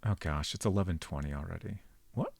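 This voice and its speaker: A man giving casual live-stream commentary while playing a game, chatting with viewers and thinking out loud. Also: deep voice, expressive, fairly quick, creaky, breathy edge.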